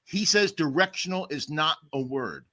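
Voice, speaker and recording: Animated man with lively pitch. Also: normal speed. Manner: animated, jokey interjections. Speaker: podcast co-host. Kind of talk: casual comedic banter.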